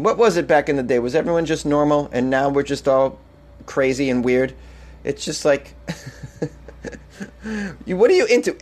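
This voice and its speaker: A man hosting a comedic news podcast, reading odd stories aloud and mocking them with sarcastic asides and frequent laughs. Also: a little high. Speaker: podcast host.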